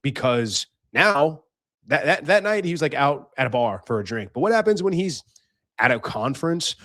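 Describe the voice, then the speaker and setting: A man's voice: on the high side, very animated, normal speed, a bit bright, no room sound, studio quality. A young man hosting a podcast, giving life advice in a blunt casual monologue, swearing freely and acting out voices. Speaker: podcast host.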